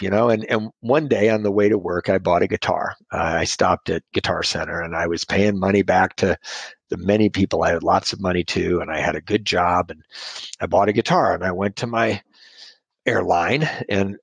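A man's voice: sits low, gravelly, husky, dry recording. A man telling his sobriety story in a rambling, self-deprecating way, laughing at his own jokes. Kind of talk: casual storytelling.

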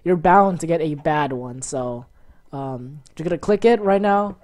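Woman doing let's play commentary, kinda low voice but swings all over, gets loud and jumpy at stuff. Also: a little slow. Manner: excitable, reacts loudly to game events. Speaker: gaming channel host.

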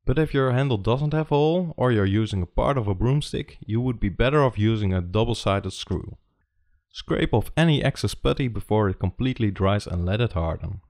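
Low-voiced Dutch-accented man narrating a tutorial. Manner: steady step-by-step instructions. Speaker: tutorial host. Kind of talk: scripted how-to narration.

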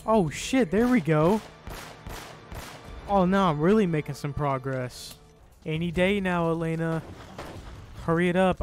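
A man doing let's-play commentary as a gaming YouTuber, excitable, swearing and yelling at the game. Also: a little high.

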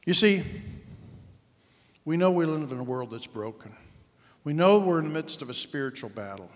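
A man preaching a sermon as pastor, telling the story conversationally, moving from sudden shouts to hushed asides. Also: fairly high pitch, animated, normal speed. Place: church sanctuary. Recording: long church hall reverb.

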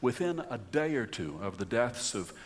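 A man's voice: medium pitch, very animated, normal speed. A man hosting a live radio show, musing about jokes in a wry storytelling monologue. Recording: long hall reverb, faint hiss.

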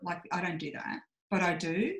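Her voice is fairly low and moderately paced: a woman in her forties, a guest on a podcast, opening up candidly and thoughtfully. She dramatizes her own inner voice while recounting her story, and the room sounds echoey.

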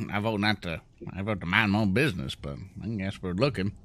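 A man's voice: fairly low pitch, a little fast, fairly bright tone. A man playing in a tabletop game, chatting casually and joking with frequent laughs. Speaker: player.

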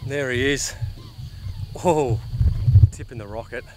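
An Australian man vlogging his fishing outdoors, excitedly talking to the fish and the viewers as he fights and lands it. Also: mid-range voice, normal speed, vocal fry, long pauses, background noise. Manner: excitable, chatty, swears and laughs while fighting fish. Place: outdoors on the water.

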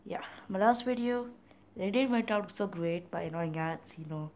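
A man casually commenting on his own gameplay in a playful, chatty way, sometimes dropping into soft whispery asides. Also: high-pitched, moderate pace. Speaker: gaming channel host.

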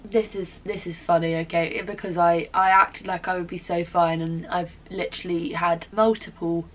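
A woman's voice: mid-range voice, fairly bright tone, poor audio. A young woman, ranting in a casual vlog, dramatic, sweary and self-mocking. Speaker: vlogger.

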